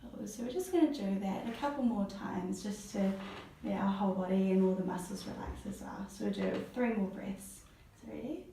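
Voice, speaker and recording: A woman's voice: mid-range voice, moderate pace, creaky, mellow, slight background noise. Encouraging woman guiding breathing exercises. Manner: encouraging, praises often. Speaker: voice therapist guiding a client. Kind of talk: step-by-step instruction. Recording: echoey room, mic at a distance.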